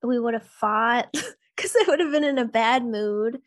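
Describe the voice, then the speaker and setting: A woman's voice: fairly high pitch, measured pace. A woman co-hosting a podcast, chatty and easygoing, with fillers and easy laughter. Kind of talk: casual conversation.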